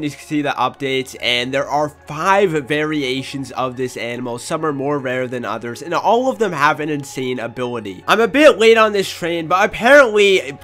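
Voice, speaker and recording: Hyped young man gaming commentary. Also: on the high side. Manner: hyped, loud outbursts, lots of "yo". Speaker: gaming channel host. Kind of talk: excited gameplay commentary.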